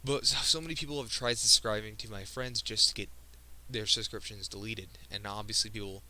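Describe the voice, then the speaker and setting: Here a teen boy addresses his audience directly in a vlog monologue, his fairly low register carrying a very bright, cutting, steady tone over poor audio. Emotional and sincere, the video creator halts constantly and restarts his sentences.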